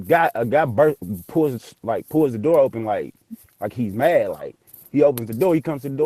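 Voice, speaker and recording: A man tells a ghost story casually, animated and profane, acting out the voices. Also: mid-range voice, moderate pace, no echo. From Memphis area, US South. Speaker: guest telling a ghost story.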